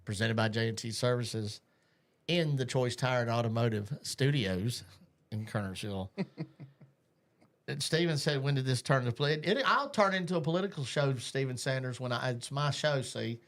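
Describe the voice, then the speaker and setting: A live talk show host with a medium-pitched, animated and slightly bright voice chats loosely at a normal speed. He rambles, jokes and reads out viewer comments in casual live show banter.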